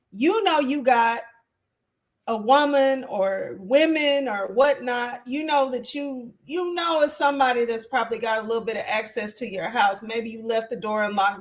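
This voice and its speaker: A woman hosting a live reaction stream, thinking aloud in a hesitant, musing way. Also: fairly high pitch. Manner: musing, hesitant, full of fillers.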